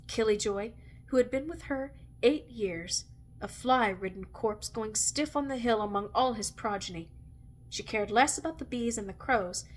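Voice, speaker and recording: A woman reads a novel aloud with measured, expressive narration. Her voice sits slightly higher than most women's. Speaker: reader.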